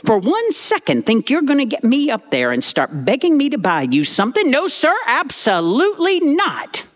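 A man putting on a shrill bossy old granny. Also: wildly swooping pitch, normal speed, exaggerated voice. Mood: scolding. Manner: scolding, shrill when upset. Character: bossy stern old grandmother, prone to wailing.

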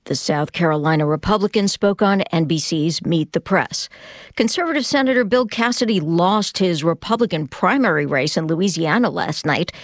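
Lady reading national news, lowish voice, dry close studio mic. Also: expressive, no echo. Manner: measured, crisp newsreader delivery. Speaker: national newscaster.

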